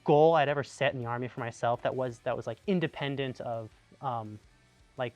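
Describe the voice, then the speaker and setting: This young man, an army vet from Tucson, Arizona, USA, has a mid-range voice and speaks a little fast over soft background music. His anecdotes come out casual and lively, peppered with "like" and false starts.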